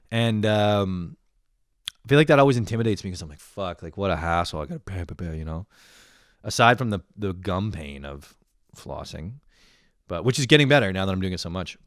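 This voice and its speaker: A man's voice: on the low side, no room sound, clean studio sound. A man ranting in a profane, rambling, mock-angry stand-up style. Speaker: comedian.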